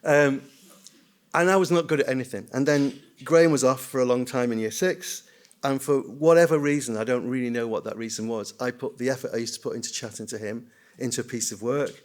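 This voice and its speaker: A man's voice: mid-range voice, fairly quick. Older man telling stories at a conference. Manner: storytelling, self-deprecating, mimics voices, animated. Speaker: screenwriter and children's writer giving a conference talk. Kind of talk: conference talk, anecdotal. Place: conference hall.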